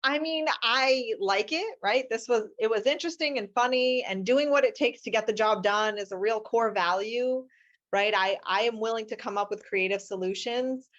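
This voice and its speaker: Woman lawyer guest, fairly high voice, lively storyteller, muffled lo-fi recording. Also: moderate pace. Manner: animated, acts out quotes with shifting voices. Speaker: family law attorney, guest.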